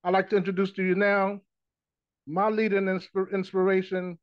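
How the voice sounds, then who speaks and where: A man's voice: sits high, completely flat delivery, a little fast, clean tone, dry recording. A man co-hosting an online meeting over a video call, friendly and greeting callers, with some hesitant restarts. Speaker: co-host introducing a speaker. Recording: dull, dry video call audio.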